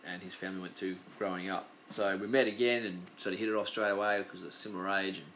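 A man's voice: sits low, steady tone, fast, a bit bright, slight background noise. Rambling, swearing Australian man. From Western Australia. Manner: loose, profane, chatty storytelling. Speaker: podcast host. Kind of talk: casual rambling monologue.

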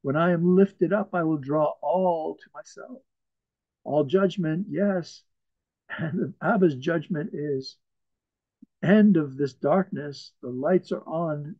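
Man, pastor, emphatic sermon, soft chuckles, dull lo-fi call audio. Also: on the high side, takes it slowly, no room sound. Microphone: video call.

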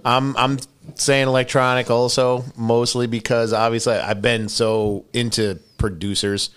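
A man's voice: medium pitch, flat delivery, measured pace, fairly bright tone, clear, resonant tone. A man co-hosting a podcast in casual chat, laid-back and crude-humored, often restarting sentences. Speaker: podcast co-host.

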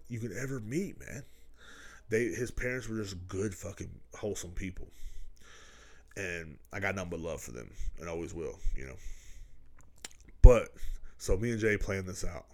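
A Texas man hosts a podcast, laughing his way through rambling, profane stories in a casual storytelling style. He speaks at a moderate pace in a low, slightly mellow voice.

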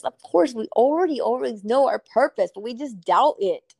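A woman's voice: on the high side, lively intonation, normal speed, gravelly, hardly any pauses, warm tone, slightly rough, no room sound. A woman speaking as a purpose coach in a casual podcast conversation, effusive and emphatic, swearing casually.

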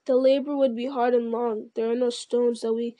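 A woman's voice: on the high side, little pitch movement, moderate pace, mellow, dry recording, lightly acted. A woman reading as Gimli, urgent dwarf warrior. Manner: urgent, abrupt. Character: gruff impatient male dwarf warrior.

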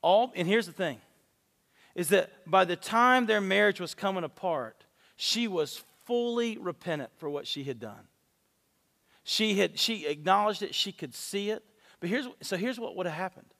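Male pastor, higher-pitched voice, animated sermon delivery, long hall reverb. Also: moderate pace, gravelly. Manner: animated storytelling with acted-out dialogue.

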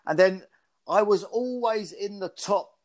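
A man's voice: sits high, unhurried. A man from the UK in his fifties, a former pro boxer telling stories in an interview, with frequent restarts. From United Kingdom. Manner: animated storyteller with frequent restarts. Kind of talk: casual interview storytelling.

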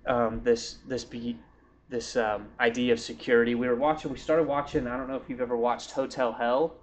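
A man's voice: medium pitch, level tone, normal speed. A man giving a sermon at church in a loose, conversational way, full of fillers and restarts. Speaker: pastor. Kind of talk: casual sermon. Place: church hall.

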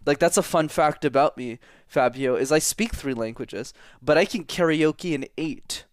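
A man's voice: a little high, moderate pace, no room sound, studio quality. A young Canadian man whose first language is French, answering interview questions as a public speaking coach in a confident, emphatic way.

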